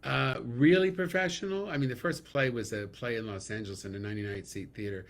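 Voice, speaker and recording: A middle-aged man from New York, a guest comedian telling stories in a casual interview, animated and theatrical. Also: medium pitch, fast.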